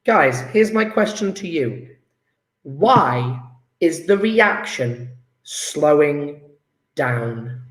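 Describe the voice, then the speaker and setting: A man's voice: on the high side, animated, fairly bright tone. Upbeat chemistry teacher guy, voice jumps all over, kinda echoey room. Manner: enthusiastic, coaxing students, quick asides. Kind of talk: live online lesson. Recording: roomy echo.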